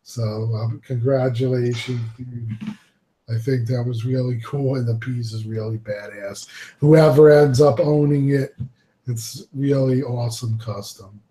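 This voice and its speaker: A man hosting a casual collectors' panel talk, relaxed and laughing easily as he gives shout-outs. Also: mid-range voice, unhurried. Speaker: podcast host. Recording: roomy echo.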